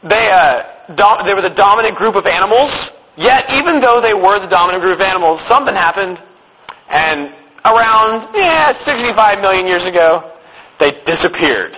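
A high-voiced man gives a church-conference Bible lesson full of jokes and sarcastic asides, chuckling as he goes. The sound is dull and lo-fi, with a long hall reverb and faint background noise. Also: animated, moderate pace. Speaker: speaker teaching at a church conference. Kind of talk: humorous Bible teaching talk.

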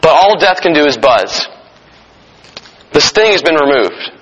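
A man's voice: a little high, sing-song, unhurried, fairly bright tone, slightly rough, big-room sound, highs cut off. A man preaching a sermon in a casual, conversational way, joking with his listeners. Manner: conversational, jokes with the audience.

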